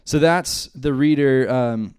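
A man's voice: medium pitch, slow, a little mellow, clean tone. A man from the United States teaching a Bible study in a conversational way, with joking asides. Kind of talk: church teaching.

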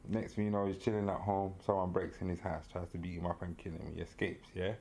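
Animated man telling a story. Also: deep voice, fast talker, gravelly. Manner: animated storytelling with slang, laughing often. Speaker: podcast co-host. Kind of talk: casual chat.

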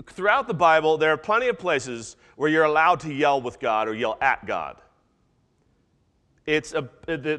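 A man preaching a sermon, animated, acting out quoted voices as he goes. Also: fairly high pitch, in a large hall. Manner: animated, acts out voices of disciples and God. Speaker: pastor.

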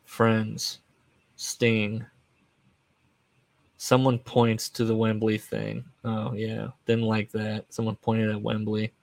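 Solo male podcast host, gravelly mid-pitched voice, dry close sound, digressive and loose. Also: completely flat delivery, slow, no echo. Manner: rambling and digressive, trails off and restarts; chuckles at his own asides. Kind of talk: casual solo podcast chat.

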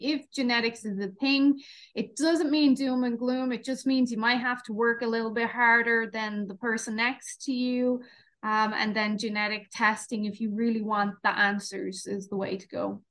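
A woman's voice: a little high, little pitch movement, normal speed, a bit bright. A woman from Ireland with an Irish accent, hosting a podcast interview and summarizing points in a down-to-earth way. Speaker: podcast host.

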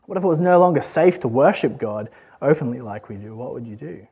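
A man's voice: mid-range voice, expressive, a little fast, warm tone, husky. A man giving an earnest, conversational sermon full of rhetorical questions. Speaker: preacher.

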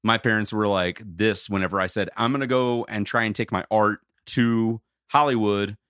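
Low-voiced man in casual chat. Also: steady tone, normal speed, fairly bright tone, clean tone, dry recording, studio quality. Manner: rambling, frequent fillers. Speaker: podcast co-host. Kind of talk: casual chat recapping a cartoon.

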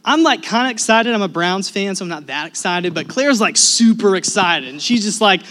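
A man preaching a sermon as a pastor, telling personal stories in an animated way, swinging between loud emphasis and hushed asides. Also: high voice, normal speed.

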